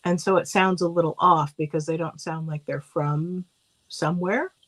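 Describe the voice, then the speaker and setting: A woman co-hosting a casual livestream chat, talking in a relaxed way and laughing easily. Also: on the low side, normal speed, poor audio.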